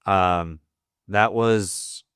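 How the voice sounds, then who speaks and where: A man from the United States, a Marine veteran guest on a podcast, telling a personal story candidly, with heavy swearing, fillers and halting restarts, choked up and teary. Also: low voice, fairly even intonation, a bit bright, clean tone, no echo, clean studio sound. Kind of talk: emotional storytelling in a podcast interview.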